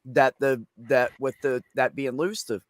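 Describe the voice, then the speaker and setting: A man's voice: medium pitch, steady tone, unhurried, no echo. A man hosting a casual chat, telling a long story in a rambling, profane way. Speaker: streamer host.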